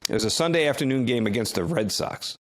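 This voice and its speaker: A middle-aged man from New Jersey tells a story on a podcast in a relaxed, chatty way. He is lively and acts out what other people said, stumbling over restarts as he goes. His voice sits at an ordinary middle pitch. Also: fast talker. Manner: animated storyteller who acts out quoted lines, with frequent restarts. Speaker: podcast co-host. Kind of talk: casual storytelling chat.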